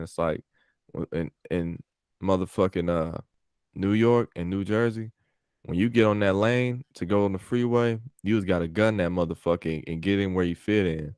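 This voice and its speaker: A man's voice: sits low, clear, resonant tone, no echo, studio quality. A young man from California telling a rambling, profane story in casual podcast chat, full of fillers and restarts, over a call. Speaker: podcast host. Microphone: call audio.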